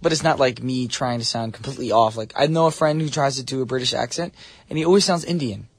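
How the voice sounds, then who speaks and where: A man's voice: mid-range voice, fast talker, slightly rough, dry recording. A man hosting a morning radio show, chatting easily with his guest. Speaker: radio DJ host. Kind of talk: casual radio chat.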